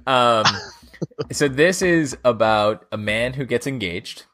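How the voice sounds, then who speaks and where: A man's voice: medium pitch, animated, takes it slowly, fairly bright tone. A man co-hosting a casual film chat, laughing often and hesitating with ums. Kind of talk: casual chat about films.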